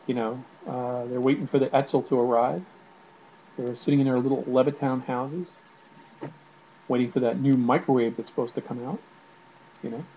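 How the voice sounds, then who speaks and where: A man talks straight to camera from home in a mellow, mid-pitched voice. He rants with irritation, stumbling through fillers and restarts. A faint hiss sits under the recording. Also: dull audio. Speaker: video blogger. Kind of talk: casual spoken commentary to camera.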